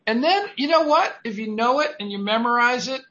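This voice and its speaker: Man, sales coach, emphatic and repetitive, bright tone, muffled audio. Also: very high-pitched, lively intonation, brisk. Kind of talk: coaching a team meeting.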